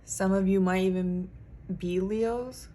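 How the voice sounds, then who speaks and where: A woman's voice: medium pitch, steady tone, slow, warm tone. A woman giving a pick-a-card tarot reading as a psychic reader, talking earnestly and emphatically with frequent "like".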